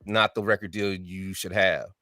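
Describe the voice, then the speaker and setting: A man's voice: low voice, normal speed, dry recording, clean studio sound, soft background music. A man in his fifties telling his story as an interview guest, acting out quoted voices and often adding "right?". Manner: animated storyteller who acts out quoted voices; frequent tag question "right?". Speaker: music artist guest.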